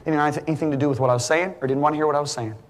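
A middle-aged male preacher giving an animated sermon, full of stories, his voice climbing high for the punchlines. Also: rapid-fire. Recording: long hall reverb.

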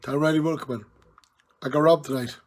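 A tipsy man with an Irish accent on a live stream, loudly teasing and challenging an old friend in rowdy banter. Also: a little high, fairly even intonation, a little fast. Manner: loud, jokey, challenging and teasing. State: tipsy from drinking.

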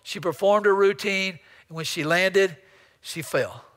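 A man's voice: sits high, fairly even intonation, normal speed, fairly bright tone, clear, resonant tone, in a large hall. A man preaching a storytelling sermon as pastor, often repeating words as he builds up a story. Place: church sanctuary.

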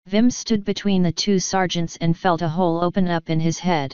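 A woman reading a fantasy novel aloud in a slow, even storytelling manner. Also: fairly low pitch, clean tone, no echo, highs cut off. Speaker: audiobook reader. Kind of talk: scripted narration.

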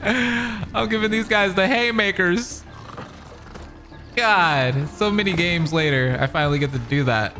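Let's-play host, man, bright voice, slow and giddy, slangy. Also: high voice, soft background music. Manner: excitable, laughs a lot, slangy. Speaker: gaming commentator. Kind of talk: excitable let's-play commentary.

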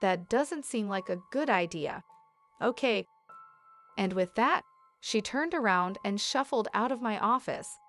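A woman tells a creepy story in a scripted narration style, with a voice that sits at a middle pitch. She gives the dialogue only a light touch of character and keeps a steady storytelling pace. A faint music bed runs quietly behind her.

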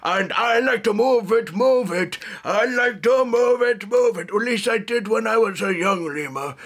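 A man's voice: high-pitched, unhurried, pitched above the performer's own voice, exaggerated voice. An old boisterous lemur king. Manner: singing, boisterous, shouting. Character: old jungle king lemur, eighty, jolly.

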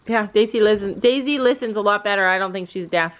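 Chatty mom vlogging at the barn. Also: female voice, brisk, hardly any pauses, muffled recording. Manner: chatty, talks to pets in a high baby voice. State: out of breath. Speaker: vlogger, horse owner and mother. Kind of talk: casual vlog chat.

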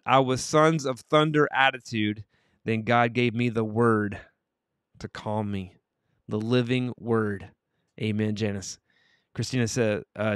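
A man's voice: medium pitch, clear, resonant tone, dry recording, studio quality. A man hosting a cheerful morning livestream, reading viewers' comments aloud and blessing them. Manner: cheerful, upbeat greetings, warm blessings to viewers. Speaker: livestream host.

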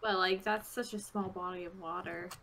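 A woman's voice: on the low side, steady tone, moderate pace, pushed and bright, a little hiss or hum, poor audio. A woman hosting a casual co-op farming game, laughing often and thinking aloud as she plays. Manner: giggly and scattered. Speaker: gaming host. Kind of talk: casual co-op gameplay chat.

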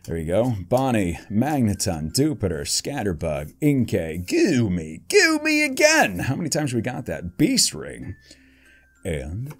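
Animated man calling out card pulls. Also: lowish voice, measured pace, few pauses, soft background music. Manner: animated, swings from muttered card names to excited outbursts; jokey asides about the cards. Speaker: YouTuber opening trading card packs. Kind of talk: casual card-opening commentary.

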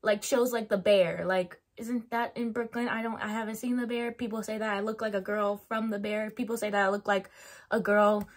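A woman giving her opinions in a casual vlog, chatty and animated, laughing often and filling her talk with "like". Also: mid-range voice, a little fast. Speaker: YouTuber reviewing a TV show.

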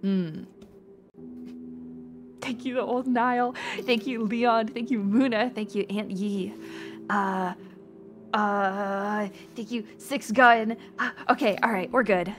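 Faint music plays as a female VTuber takes her time speaking in a steady, medium-pitched voice. Her stream is casual and rambling, full of read-out chat names, thanks to viewers, frequent swearing and lots of laughter.

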